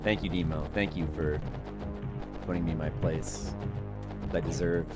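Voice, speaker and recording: A man's voice: rumbling low, steady tone, moderate pace, loud music behind the voice. A man streaming a game, rambling and self-deprecating as he chats with his viewers. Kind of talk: casual live-stream chat.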